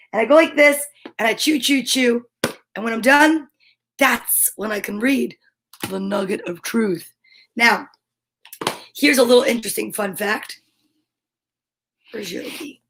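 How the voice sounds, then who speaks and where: A woman's voice: high-pitched, fairly bright tone. A woman hosting a casual live stream from home, chatting playfully and reading viewer comments aloud.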